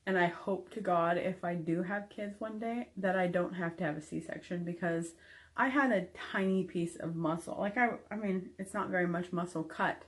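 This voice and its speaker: A woman's voice: lowish voice, normal speed. A young adult woman giving a candid, frank recovery update to camera, with frequent ums. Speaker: vlogger.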